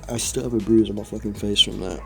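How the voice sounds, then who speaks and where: A man's voice: on the low side, fairly even intonation, quick pace, vocal fry, darkish tone, faint music behind. A young man telling a rambling story in a casual vlog, laughing often and saying "dude" a lot. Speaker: vlogger.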